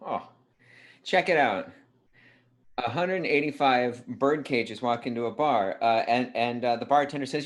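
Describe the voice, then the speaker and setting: A man's voice: mid-range voice, moderate pace. A man performing improvised jokes over a video call, with rambling setups full of fillers and restarts.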